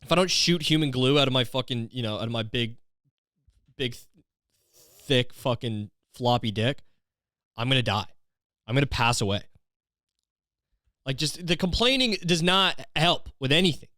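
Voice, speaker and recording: A young man hosting a comedy podcast, ranting in a profane, animated, self-mocking way. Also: medium pitch, moderate pace, long pauses, dry recording, clean studio sound. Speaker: podcast host.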